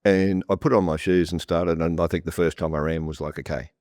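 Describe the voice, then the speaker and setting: A deep-voiced man speaks plainly, often restarting his sentences as he tells a story. The sound is close and dry, with no room around it. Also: fairly even intonation, a little fast, darkish tone, no echo. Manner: repetitive restarts, blunt and plain-spoken. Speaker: property developer guest. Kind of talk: conversational storytelling on a panel. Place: room with a live audience.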